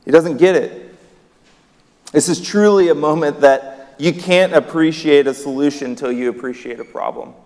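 A man's voice: a little high, moderate pace, darkish tone. A man preaching a sermon in a church hall, emphatic, his voice rising on key words. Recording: long reverb of a hall.

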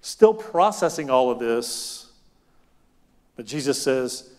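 A man preaching a sermon as pastor, animated, moving between loud emphatic lines and soft, quiet ones. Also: medium pitch, slow pace. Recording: long hall reverb.

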